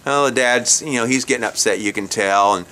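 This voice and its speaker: A man's voice: medium pitch, a little fast, sharp tone, a little hiss or hum. A middle-aged man telling a comic story in a folksy way, chuckling at his own jokes, recorded outdoors at a campsite. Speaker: comedic storyteller host.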